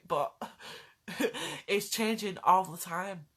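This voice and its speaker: A woman's voice: mid-range voice, a little slow, fairly bright tone. A woman vlogger delivering a heartfelt rant straight to her viewers, pleading and repeating lines for emphasis. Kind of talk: impassioned direct-to-camera rant.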